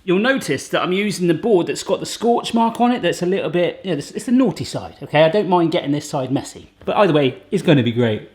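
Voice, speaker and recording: A man's voice: on the high side, lively intonation, fast, few pauses, darkish tone. A man hosting a casual cooking demonstration in a home kitchen, chatty and jokey, with rambling asides. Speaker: cooking channel host.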